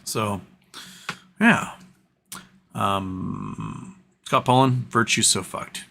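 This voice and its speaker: A man's voice: lowish voice, very slow, gravelly, bright, forceful tone. A man hosting a casual livestream, reading chat messages aloud and answering them in an earnest, rambling way with frequent restarts.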